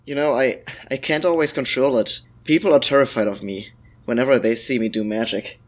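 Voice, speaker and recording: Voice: mid-range voice, steady tone, a little fast, close to an everyday voice. Brief: player as a shy young male mage, hesitant, stammering. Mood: unsure. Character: nervous young male mage with wild magic.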